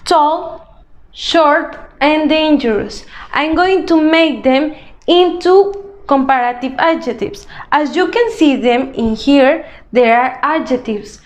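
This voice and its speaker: Slow, patient teacher, high-voiced. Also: female voice. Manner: slow, patient, explains step by step with frequent "okay?". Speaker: English teacher. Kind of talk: recorded grade-school grammar lesson.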